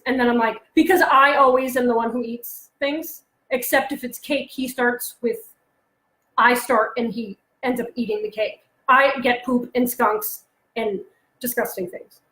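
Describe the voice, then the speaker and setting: A chatty woman in her thirties gives a solo talk to parents and keeps acting out her son's silly jokes. Her voice sits high. The room around her is echoey. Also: a bit bright. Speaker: presenter on parenting and humor. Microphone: close mic, alone presenting online.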